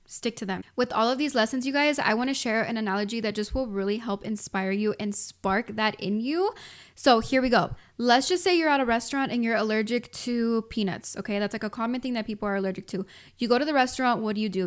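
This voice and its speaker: A woman in her twenties hosting a motivational solo podcast, talking casually and emphatically with lots of filler words and direct address to listeners. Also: fairly high pitch. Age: 20s. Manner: casual and emphatic, frequent "like" and "you guys". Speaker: podcast host.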